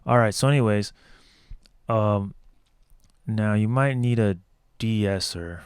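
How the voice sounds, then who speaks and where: A man with a low voice gives a loose, rambling mixing tutorial from his home studio. He swears casually as he talks through settings. The sound is dry and close, with no room echo. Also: slow pace, clean tone. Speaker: music producer teaching mixing.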